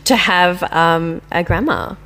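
A woman's voice: on the low side, takes it slowly, a bit bright. A woman co-hosting a casual advice podcast, chatty and playfully teasing, often laughing. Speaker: podcast co-host. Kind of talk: casual chat.

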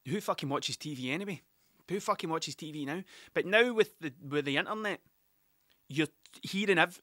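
A young Scottish man rambles through a casual solo podcast, swearing freely and drifting between stories. His voice sits a little high and sounds bright and forceful. The recording is dry and close to the mic. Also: dry recording. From Scotland. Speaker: podcast host.

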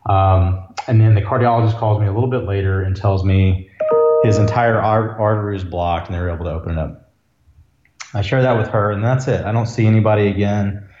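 Earnest low-voiced doctor, roomy sound. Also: male voice, a little fast, darkish tone, muffled recording, slight background noise. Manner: earnest, reflective, emotional at times. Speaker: ER physician, podcast guest. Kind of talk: conversational storytelling.

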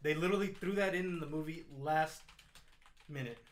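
A man's voice: on the high side, a little fast. A man chatting casually as a podcast co-host, blunt and emphatic, with frequent swearing. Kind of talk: casual chat.

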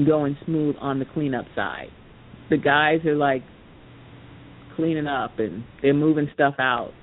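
Casual podcast storyteller, rambling with lots of asides, over a thin phone line with a low rumble behind. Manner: rambling, full of "you know" asides. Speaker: podcast speaker.

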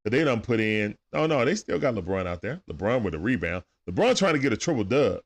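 Low gravelly guy with aave speech, chatting through a basketball game on stream, talks back to the players. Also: big pitch swings, fast. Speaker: livestream game commentator. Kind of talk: casual play-by-play commentary.

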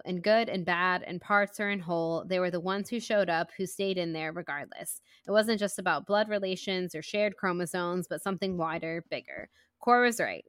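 A woman podcast co-host reading a heartfelt passage from a novel aloud in a measured way. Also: on the low side, a bit bright, no echo, studio quality.

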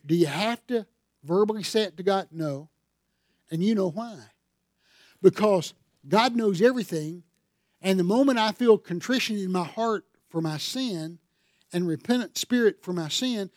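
A man's voice: high voice, a little mellow, dry recording, clean studio sound. A man preaching a sermon as pastor, telling stories in a folksy way and building to fervent emphasis.

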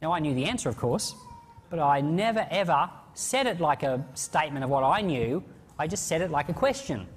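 A man preaching a sermon in an animated, conversational way. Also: a little high, fairly quick, in a large hall, a little hiss or hum. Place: church.

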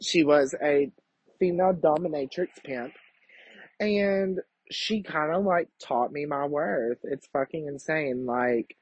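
A man's voice: medium pitch, a little slow, slightly rough, no echo. A young man hosting a podcast, talking in a brash, profane, campy confessional monologue. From Kentucky. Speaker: podcast host. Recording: dull lo-fi home recording.

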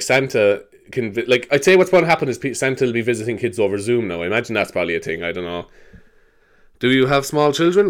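An Irish man hosting a casual solo podcast, rambling and laughing as he tells stories. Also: mid-range voice. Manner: rambling, laughing, slipping into silly voices. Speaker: podcast host.

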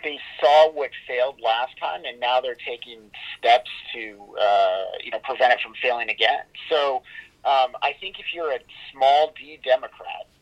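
A man giving an interview as founder of an organization, speaking in a halting, conversational way with many fillers and restarts. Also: medium pitch, muffled recording.

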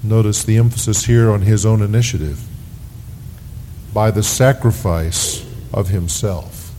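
A man preaching a sermon as pastor, slow and deliberate, leaning hard on key words. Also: mellow. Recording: 1990s sermon tape with long reverb and faint rumble.

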